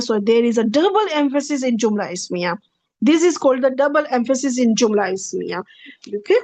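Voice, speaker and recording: In a recorded slide lecture, an Arabic grammar teacher speaks in a high-pitched, somewhat dark voice with no echo. She's patient, going over points again in different words and checking in with "okay."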